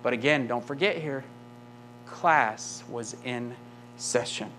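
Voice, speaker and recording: Guy preaching a sermon real slow, leans hard on his points, keeps asking the room questions. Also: mid-range voice, fairly bright tone, a little hiss or hum. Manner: emphatic, asks the congregation rhetorical questions. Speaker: pastor.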